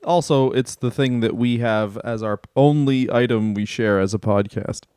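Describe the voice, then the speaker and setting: A man's voice: medium pitch, normal speed, a little mellow, clear, resonant tone, no echo, studio quality. A man co-hosting a comedy podcast, trading crude jokes and hammy impressions and laughing often. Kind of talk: casual comedic banter.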